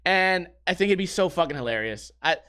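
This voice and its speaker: A young man talks casually on his podcast, wandering from tangent to tangent with plenty of swearing and jokes. His voice sits high and sounds bright and ringing. He keeps it loose and unscripted. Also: expressive, brisk, smooth. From United States. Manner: rambling, profane, jokey storytelling. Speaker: podcast host.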